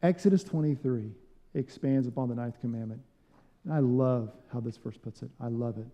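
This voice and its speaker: A man's voice: medium pitch, moderate pace, in a large hall, lo-fi sound. A man preaching a sermon as pastor, telling stories and acting out quotes. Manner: animated storytelling with acted quotes. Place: church sanctuary.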